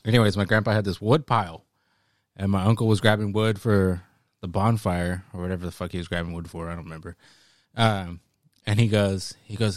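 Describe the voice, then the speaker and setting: A man's voice: on the low side, steady tone, fairly quick, a little mellow, dry recording, clean studio sound. A man telling a story in a casual, laid-back, joking way. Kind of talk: casual chat.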